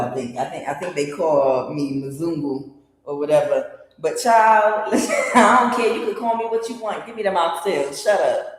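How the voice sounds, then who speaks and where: A middle-aged woman hosting a tarot channel, telling a story to her viewers in a lively, exclaiming way with frequent laughter. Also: low voice, a little slow. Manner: animated, exclaiming, laughing often. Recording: very echoey, reverberant room.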